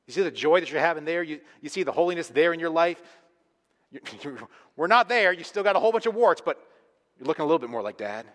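A man preaching a sermon, earnest and emphatic, swinging between quiet, intimate lines and loud, pressing ones. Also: on the high side, lively intonation, quick pace. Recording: long reverb of a large hall.

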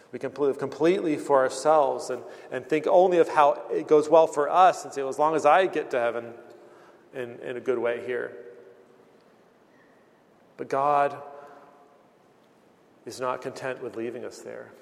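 A man delivers an earnest, conversational sermon, often stumbling and restarting phrases. His voice has a gravelly edge and rings out with a long hall reverb. He speaks at a middle pitch. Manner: earnest, plain-spoken, with repeated restarts. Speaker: preacher.

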